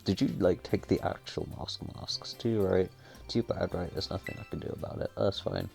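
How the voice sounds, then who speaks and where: A man's voice: low voice, fairly even intonation, normal speed, gravelly, a little mellow, soft background music. Cheeky bossy teen girl, read by a man. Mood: teasing. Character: bossy teasing teenage girl, a cheeky schemer. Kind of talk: reading game dialogue aloud.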